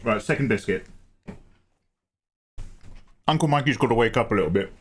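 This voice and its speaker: A man's voice: medium pitch, expressive, moderate pace, husky. A man hosting a casual livestream, greeting viewers by name in a chatty way and laughing often. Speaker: art livestream host.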